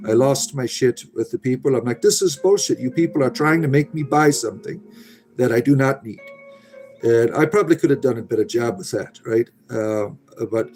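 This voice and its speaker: A man's voice: medium pitch, a little mellow. A middle-aged man hosting a casual livestream, rambling and salty, leaning on "right?" and plenty of filler. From Americas. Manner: rants with profanity about a mechanic. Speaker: livestream host. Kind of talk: casual chat with live viewers.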